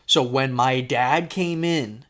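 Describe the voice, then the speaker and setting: A man co-hosting a podcast, telling a story in casual chat, animated and swearing, acting out quotes loudly. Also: mid-range voice, takes it slowly. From Florida, United States. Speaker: podcast co-host.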